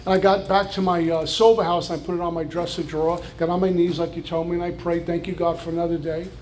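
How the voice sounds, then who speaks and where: High-voiced New York man telling his story. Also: fairly even intonation, fast, a little mellow, slight background noise. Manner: earnest storytelling with wry humor. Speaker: recovery speaker. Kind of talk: personal recovery testimony.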